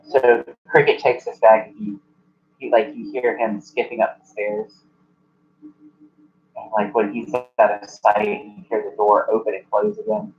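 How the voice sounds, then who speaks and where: A man narrating as game master in a relaxed, meandering way with plenty of fillers. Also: on the low side, measured pace, lo-fi sound.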